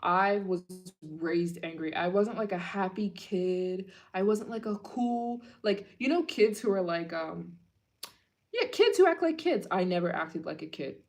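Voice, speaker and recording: Chatty lower-voiced woman hosting a livestream. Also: animated, unhurried, darkish tone. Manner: gushing, chatty, heavy filler words. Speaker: travel channel host. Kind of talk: casual livestream Q&A chat.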